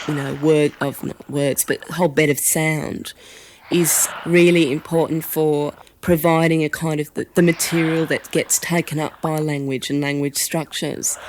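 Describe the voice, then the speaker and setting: A reflective, halting monologue from a speaker with a broad Australian accent and a nasal tone. The delivery pauses often to search for words, and a faint hiss sits beneath it. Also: medium pitch, rough recording. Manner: thoughtful, halting, with frequent ums. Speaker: speaker in a radio art piece.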